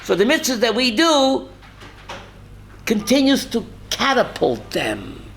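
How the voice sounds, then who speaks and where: A man's voice: very high-pitched, wildly swooping pitch, slow, a bit bright, slight background noise. A man, a rabbi, teaching a Torah class who quizzes his listeners by name and tells stories with feeling. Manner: emotional storytelling, mixes in Yiddish and Hebrew words.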